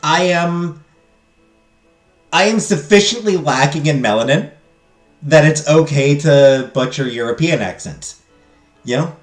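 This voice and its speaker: A man streaming a story game, reading its narration and chatting in an animated, rambling, self-deprecating way. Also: fairly high pitch, measured pace, pauses often, roomy sound, soft background music. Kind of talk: casual game commentary and narration.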